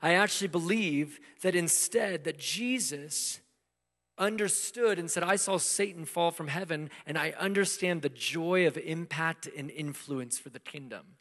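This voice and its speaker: A man preaching a sermon in a conversational way, asking rhetorical questions and swinging between loud emphasis and hushed asides. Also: a little high, unhurried. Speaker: pastor. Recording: long hall reverb.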